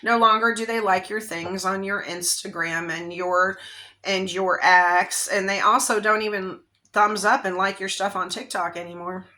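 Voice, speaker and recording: A woman's voice: mid-range voice, fairly even intonation, normal speed, bright, forceful tone. A woman tarot reader giving a casual psychic reading, talking in a rambling, conversational way with frequent check-ins and fillers.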